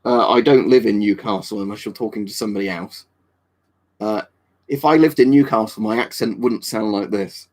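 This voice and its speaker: A man from England runs a live stream in a low, slightly mellow voice at normal speed. He rambles offhandedly through viewer comments, with many fillers and restarts.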